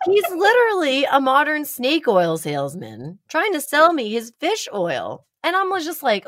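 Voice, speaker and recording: A woman, likely in her thirties, casually telling a personal story with animated delivery and dramatic pauses. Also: no room sound, clean studio sound. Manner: animated, dramatic pauses, rising pitch when excited.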